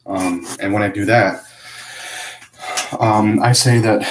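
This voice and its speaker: A man with a notably deep voice talks through a confessional monologue, hesitant and self-critical. He stops and restarts often. The sound carries a roomy echo. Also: steady tone, takes it slowly, gravelly. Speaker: vlogger.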